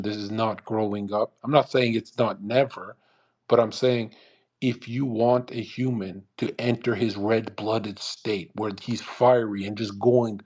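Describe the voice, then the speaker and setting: A man's voice: mid-range voice, a little mellow, husky. Male host, brash motivational lecturer on a live audio chat; profane and repetitive. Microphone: online audio call.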